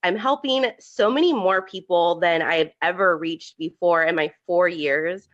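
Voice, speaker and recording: A woman's voice: on the low side, a little slow, highs cut off. A young woman giving a tearful testimonial on a video call, talking with lots of "like" fillers. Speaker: new business promoter.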